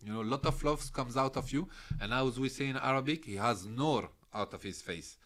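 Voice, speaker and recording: Guy, middle-aged, bright tense voice, laughs a lot telling his stories. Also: mid-range voice, fairly quick. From France. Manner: animated storyteller, laughs often, broken English. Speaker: podcast guest. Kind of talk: casual interview chat.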